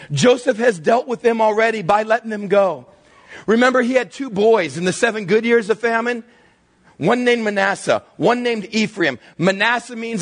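Male pastor, higher-pitched husky voice, lively storytelling sermon with hushed drops. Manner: animated storytelling, drops to hushed low tones for emphasis.

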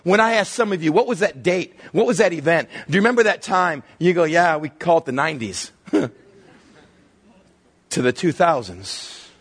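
A man preaching a sermon as pastor, telling a Bible story with animated voices and sudden hushed low asides. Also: normal speed, husky.

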